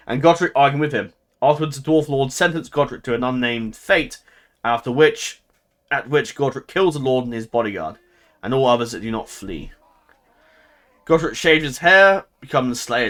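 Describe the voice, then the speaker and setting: A man talks through a strategy game in a loose, chatty way. He laughs often and keeps second-guessing his own calls. His voice sits at an ordinary middle pitch. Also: a bit bright. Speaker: gameplay commentator. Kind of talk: casual game commentary.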